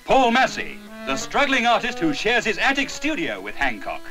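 A man's voice: high-pitched, huge pitch swings, normal speed, music in the background. A man narrating a 1960s film trailer in a grand, declaiming manner, from an old film soundtrack.

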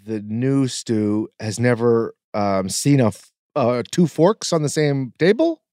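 Excitable woman co-host, dry mic. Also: rumbling low, takes it slowly, no room sound. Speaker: podcast co-host. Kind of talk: casual chat.

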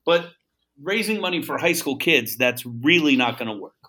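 Animated man telling a story. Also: on the high side, normal speed, breathy edge. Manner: animated storyteller acting out dialogue; loose, repeats words and restarts. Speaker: guest, founder of a seasoning brand. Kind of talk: casual storytelling interview.

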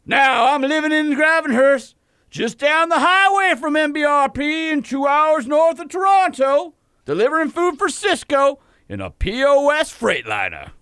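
A man voicing a blustery, pompous Southern rooster gentleman with a booming drawl while reading a listener email. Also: big pitch swings, moderate pace, dry recording, clean studio sound, heavily acted. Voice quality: booming, drawling, overly formal.

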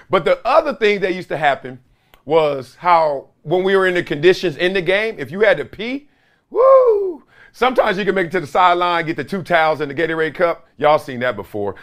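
A man's voice: fairly high pitch, fairly bright tone. A man in his forties hosting a solo sports talk show, telling stories with playful impressions and laughs. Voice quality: voice gets strained easily. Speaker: host. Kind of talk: animated solo sports commentary.

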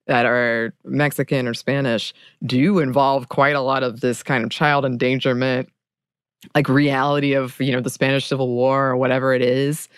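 A woman co-hosts a podcast in a relaxed, chatty way and laughs often. Her voice is smooth and resonant, with a dry, close sound. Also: extremely low pitch, dry recording. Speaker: podcast co-host. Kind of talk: casual podcast chat about a film.

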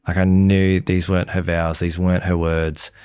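A young man, a podcast guest, telling his story candidly and quickly, acting out the back-and-forth of past conversations. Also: sits low, clear, resonant tone, dry recording. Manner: fast, animated retelling, acts out quoted exchanges. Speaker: podcast guest, former reality show groom.

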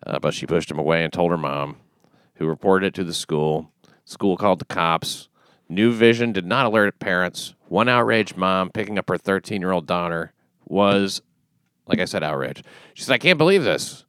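A man with a rather low voice hosts a casual comedy podcast, talking dry and deliberate. He pauses over his words while reading news aloud. The sound is close and dead dry. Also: a bit bright, clear, resonant tone, no echo. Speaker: podcast host.

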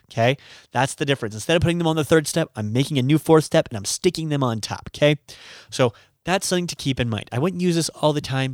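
Male teacher, casual and chatty, mid pitch, dry close recording, laughs at himself. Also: no room sound. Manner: chatty, laughs at his own jokes. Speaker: language teacher. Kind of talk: casual video lesson.

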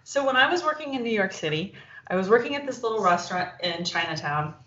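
A woman's voice: mid-range voice, fast talker. Forties woman telling a story with all the voices, kinda far off mic, echoey, dull sound. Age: 40s. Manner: animated storyteller, acts out voices in anecdotes. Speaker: podcast co-host. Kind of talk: casual chat and storytelling. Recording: roomy, distant, dull lo-fi sound.

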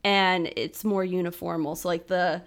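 A woman who performs on stage, chatting as a podcast guest, animated and quick to slip into impressions. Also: on the low side. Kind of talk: casual chat.

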